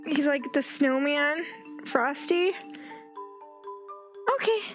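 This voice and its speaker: A woman's voice: high-pitched, slow pace, soft background music. A young woman commenting on a game, gasping, squealing and talking baby-talk to the animals. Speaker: gaming video creator. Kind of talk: excited gameplay commentary.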